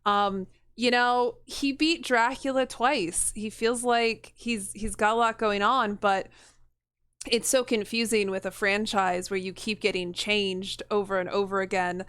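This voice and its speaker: A woman taking part as a player in a tabletop game, chatty and quick with asides. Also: medium pitch, fairly even intonation, a bit bright, smooth, dry recording. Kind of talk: casual tabletop role-play.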